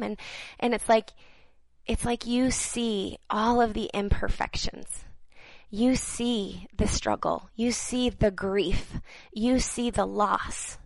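A woman's voice: mid-range voice, fairly even intonation, gravelly, dry recording, rough recording. Earnest woman minister, dry close sound. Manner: earnest, halting, repeats phrases for emphasis. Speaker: prophetic minister. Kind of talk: delivering prophetic words to online viewers.

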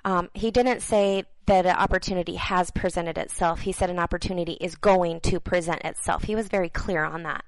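Speaking as a minister, she offers prophetic messages to her viewers, earnest and hesitant, circling back on phrases for emphasis and sinking at times into near-whispers. Her pitch is lowish and her tone steady, captured in a dry, rough recording.

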